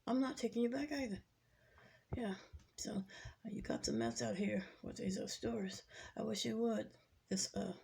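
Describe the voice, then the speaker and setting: A woman's voice: mid-range voice, creaky, warm tone, breathy edge. A woman delivering a rambling, agitated, preachy monologue to camera. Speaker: vlogger.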